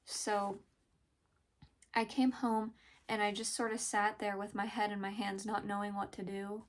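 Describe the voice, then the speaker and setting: A young woman talking hesitantly in a personal confessional vlog, pausing often and searching for words. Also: mid-range voice, flat delivery. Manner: hesitant, halting, many pauses and fillers; emotional, soft-spoken. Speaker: vlogger.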